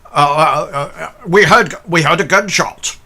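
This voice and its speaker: A man doing a gruff old porter, flustered, high and loud, bright voice. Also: measured pace, full character voice. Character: gruff flustered male porter in his late fifties.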